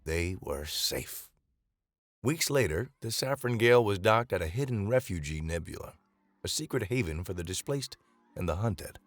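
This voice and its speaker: A man narrating a dramatic science-fiction story in a measured reading voice. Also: low voice, lively intonation, dry recording, clean studio sound, soft background music.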